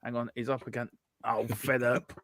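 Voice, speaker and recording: A man's voice: medium pitch, flat delivery, moderate pace, a bit bright, dry recording. A man co-hosting a casual live football chat stream, reading out viewer comments in a playful, repetitive way. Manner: playful, repeats himself in bursts.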